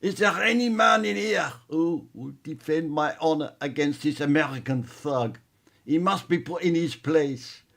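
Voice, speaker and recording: A haughty woman with a French accent, as a man puts her on sounds shrill and scornful. Her voice sits well above the performer's own and comes out loud and sneering. It is a comic put-on voice inside a told joke. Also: slow pace, lightly acted. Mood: shrieking. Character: haughty rude woman traveling with a poodle.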